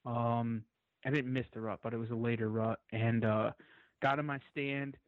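A man as a podcast guest, telling a long story in an excited, rambling way and swearing freely. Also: medium pitch, moderate pace, no room sound, phone-quality sound.

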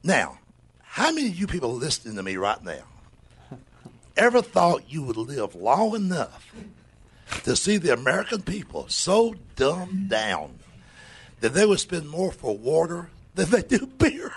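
A man's voice: a little high, a little slow, breathy edge. An older man telling wry comic stories as a guest on a radio talk show, drawling and grumbling. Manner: drawling, wry, grumbling, lively with mock voices. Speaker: comedian guest. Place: radio studio.

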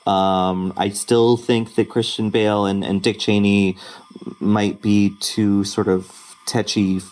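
A man's voice: fairly low pitch, flat delivery, takes it slowly, darkish tone. A man co-hosting a podcast, thinking aloud hesitantly with lots of fillers. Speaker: podcast co-host. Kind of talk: casual chat.

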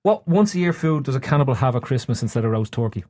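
A man's voice: medium pitch, lively intonation, fast talker, mellow. A man hosting a casual podcast, steering the chat and asking joking questions. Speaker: podcast host.

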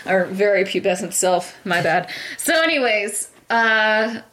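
A young woman tells a rambling personal story on a chatty podcast, poking fun at herself and breaking into laughs. Her voice sits in a middle range, and her delivery is lively and casual. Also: medium pitch, unhurried. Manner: animated, self-deprecating, laughs often. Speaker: podcast co-host.

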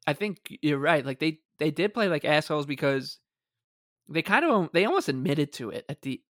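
Measured podcast co-host, dry mic. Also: male voice, a little high, sing-song, fairly bright tone, no echo. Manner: measured, hesitant, many fillers and restarts. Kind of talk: casual sports talk.

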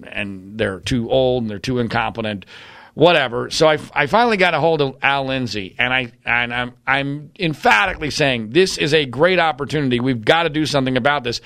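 Man, blunt and combative, mid-pitched, dry close mic. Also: fairly bright tone, dry recording. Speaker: commentator. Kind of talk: opinionated monologue.

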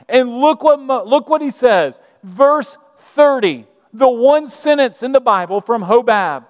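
High-voiced preacher in a hall. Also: male voice, expressive, a little slow. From Birmingham, Alabama. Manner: conversational, asks the congregation questions. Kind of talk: sermon. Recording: reverberant church hall.

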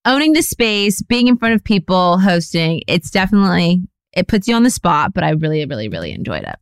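A woman's voice: fairly low pitch, big pitch swings, a little fast, smooth, dry recording, clean studio sound. A young adult woman hosting a podcast, chatting casually and rambling with lots of fillers. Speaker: podcast host.

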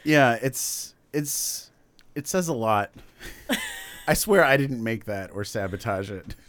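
A man co-hosting a casual conversation, making quick joking asides and laughing along with the story. His voice is at an ordinary pitch for a man. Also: lively intonation, a bit bright, a little hiss or hum. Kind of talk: casual chat.

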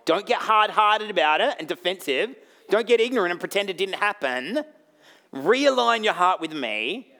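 A man with an Australian accent preaching a sermon as pastor, blunt and jokey, swinging between loud bursts and quiet asides. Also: high-pitched, lively intonation, moderate pace.

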